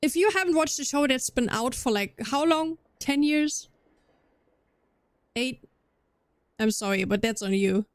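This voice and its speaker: A woman's voice: sits high, animated, unhurried, long pauses, dry recording, studio quality. A young German woman with a slight Scandinavian tinge to her accent, chatting casually with viewers on a livestream, rambling and often restarting her sentences. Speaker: livestream streamer. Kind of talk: casual chat with viewers while gaming.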